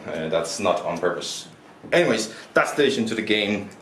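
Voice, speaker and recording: Sitting at a table indoors, a man from Denmark whose first language is Danish reviews a board game, rambling through rules and opinions with frequent restarts and self-deprecating remarks. He sounds animated and fairly quick, with a lowish, fairly bright tone. The self-recorded camera mic picks up roomy echo and faint background noise.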